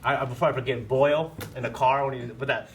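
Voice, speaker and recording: A man co-hosting a casual reaction chat, excitable and rambling, full of "you know"s. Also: medium pitch, quick pace, a little hiss or hum. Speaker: show co-host.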